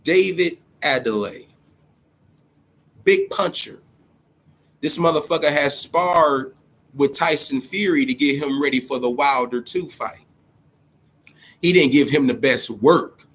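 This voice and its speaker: A man giving casual, profane boxing talk, animated and storytelling, slipping into quotes of other people. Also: fairly high pitch, slow pace, long pauses. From Ohio, USA. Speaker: boxing commentator.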